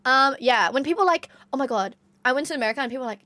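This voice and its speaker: A young woman with a broad Australian accent chats casually with her live-stream viewers. Her voice sits a little high. She swears now and then, and the sound is dry and close, with no room echo. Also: expressive, rapid-fire, pushed and bright. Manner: chatty, swears casually, reads chat aloud.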